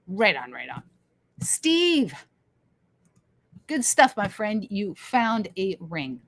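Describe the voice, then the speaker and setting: This livestream host from Canada has a high-leaning, sing-song voice that is fairly bright and unhurried. She reads viewer comments out loud enthusiastically, laughing frequently and repeating herself.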